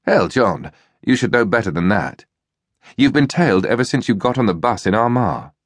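A plummy, clipped army officer, read by a man in a thriller audiobook, low-pitched and businesslike. The voice is dry and close, with no room around it. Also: animated, moderate pace, no room sound. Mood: brisk.

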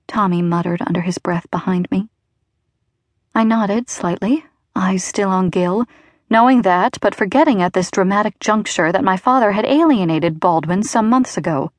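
A woman's voice: medium pitch, normal speed, no echo. A woman narrating a romance audiobook in first person, with a wry, controlled delivery on a close studio mic.

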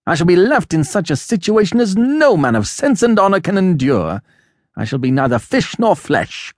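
A man voicing an earnest younger brother who speaks higher and with tense insistence. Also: huge pitch swings, measured pace, dry recording, clean studio sound. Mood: aggrieved. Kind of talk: audiobook character voice.

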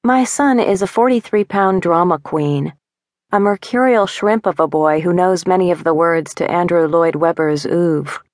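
A woman narrator reading a first-person literary story in a measured, wry, intimate way, close on a studio mic. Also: lowish voice, darkish tone, no echo. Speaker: audiobook narrator.

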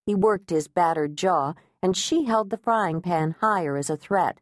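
Audiobook narrator, woman, lowish voice, wry even reading, dry booth sound. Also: unhurried, dry recording. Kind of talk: scripted narration. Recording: dry close studio sound.

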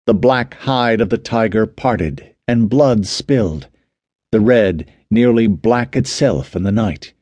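A man narrating an audiobook at an unhurried pace. His low voice is dark and husky. The sound is dry and close. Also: dry recording, highs cut off. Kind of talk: scripted narration.

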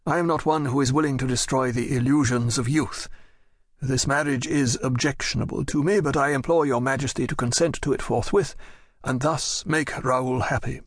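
A dignified older nobleman pleads with courtly earnestness, in a male narrator's reading. The voice has a gravelly edge at a middle pitch. The recording is close and dry. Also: fairly even intonation, moderate pace, dry recording, natural voice. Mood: earnest.

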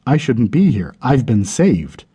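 A man's voice: mid-range voice, big pitch swings, unhurried, dark tone, breathy edge, heavily acted. A male audiobook narrator voicing a self-assured Christian man who firmly insists he does not belong in hell. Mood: protesting. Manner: firm, insistent, pleading. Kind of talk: audiobook character reading.

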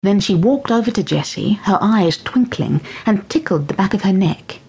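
A woman narrating a children's audiobook with expressive storytelling. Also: medium pitch, moderate pace, husky. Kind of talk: scripted narration of a children's book.

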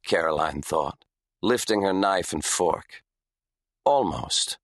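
Low-voiced man narrating a thriller. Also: animated, slow pace, no room sound. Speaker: audiobook narrator. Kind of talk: scripted narration.

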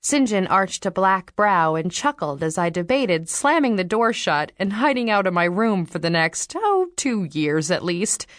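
A woman narrating an audiobook in the first person, reading in a wry, expressive way into a studio microphone. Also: medium pitch, moderate pace, hardly any pauses, dry recording.

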